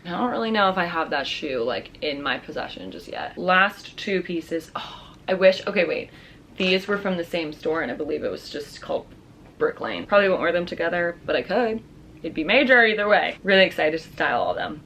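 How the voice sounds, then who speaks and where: A woman's voice: lowish voice, expressive, a little fast, a bit bright, slight background noise. A young adult woman, a fashion vlogger, chatting casually through a try-on haul in a bubbly, gushing, slang-filled way.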